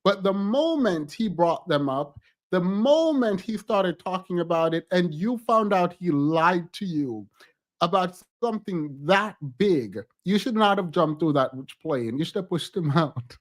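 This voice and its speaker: A man's voice: high voice, animated, measured pace. A man streaming a casual reaction to a reality show, talking in a sassy, emphatic way and laughing often.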